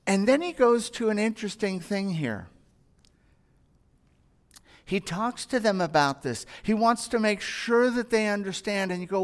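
A man's voice: sits high, animated, unhurried. A man preaching a sermon as a pastor, earnest and conversational, asking his listeners rhetorical questions. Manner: earnest, conversational, acts out everyday dialogue and asks rhetorical questions.

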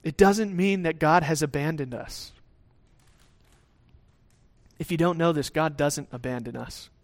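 A man delivers a sermon in a relaxed, conversational manner and voices small imagined dialogues. His voice sits fairly high for a man. He often tosses in quick checks with the listeners. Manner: conversational preaching, acts out God's lines; tag questions, some restarts. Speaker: pastor.

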